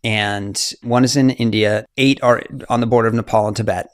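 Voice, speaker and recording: A man's voice: on the low side, fairly quick, clear, resonant tone, no echo, clean studio sound. A man in his forties, a mountaineer guest, telling his story casually with many fillers and laughs. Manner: animated, fillers, laughs often.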